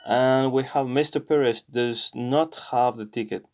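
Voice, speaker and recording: Man, even mid voice, unhurried; learner narrating his own lesson, hesitant, lots of fillers. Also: mid-range voice. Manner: halting, thinks aloud with many fillers; repeats app phrases slowly. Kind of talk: casual self-study commentary.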